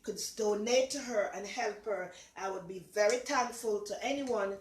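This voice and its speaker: A woman's voice: mid-range voice, moderate pace, a little hiss or hum. Older Jamaican woman chatting in her kitchen. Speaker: cooking show host. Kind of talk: casual cooking vlog chat. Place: home kitchen. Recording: echoey kitchen.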